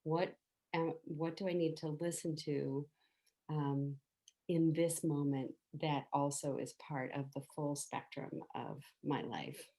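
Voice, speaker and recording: A middle-aged woman teaching a meditation softly and without hurry, guiding listeners to make the sounds along with her. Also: low-pitched, steady tone, slow pace. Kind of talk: gentle spoken meditation teaching.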